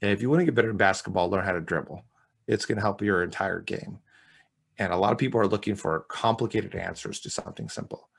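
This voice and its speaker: Male speaking coach as guest, gravelly husky voice, punchy and emphatic. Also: fairly low pitch, quick pace. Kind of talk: interview chat.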